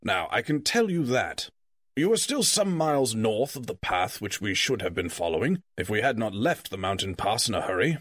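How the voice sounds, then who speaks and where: A man's voice: fairly low pitch, sing-song, fairly bright tone, no echo, clean studio sound. Gandalf, a man reading a testy old wizard. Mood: grave. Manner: measured, lecturing, quick to scold. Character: old male wizard, stern, testy and grand. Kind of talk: audiobook character reading.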